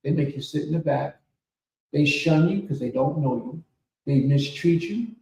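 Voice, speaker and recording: A man giving a sermon as spiritual leader of a congregation, preacherly and rising to shouts. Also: fairly high pitch, normal speed, creaky. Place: temple hall. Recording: echoey room from far off.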